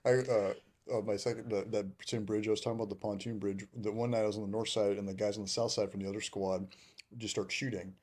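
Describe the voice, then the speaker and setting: Fast-talking husky man telling war stories. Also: fairly low pitch. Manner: animated, laughing, acts out quotes. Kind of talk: casual storytelling chat.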